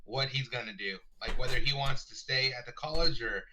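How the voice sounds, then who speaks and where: A man's voice: medium pitch, fairly quick, pushed and bright, a little hiss or hum. A man playing a tabletop role-playing game, joking in a laid-back way. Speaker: player.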